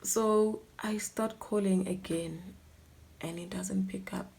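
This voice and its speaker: A woman with a South African accent, telling a dramatic story time while doing her makeup, often dropping to a soft near-whisper. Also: mid-range voice, fairly even intonation, takes it slowly. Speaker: YouTuber.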